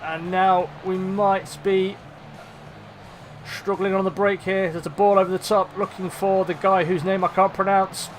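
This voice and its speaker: Excitable man commentating a game. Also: high-pitched, measured pace, faint music behind. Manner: excitable, swears, laughs at himself. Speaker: gaming commentator. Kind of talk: let's play commentary.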